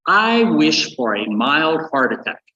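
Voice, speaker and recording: A man's voice: on the high side, big pitch swings, slow pace, crowd noise. Eager woman golfer, as an older man tells it, echoey hall, long reverb. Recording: muffled echoey banquet hall.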